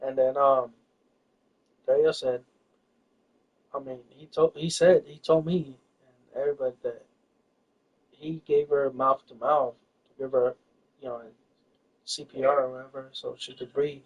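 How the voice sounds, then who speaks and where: A man's voice: medium pitch, fairly even intonation, a little slow, long pauses. A man telling a personal story in casual chat, rambling and hesitant, full of fillers and restarts. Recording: distant, dull lo-fi recording.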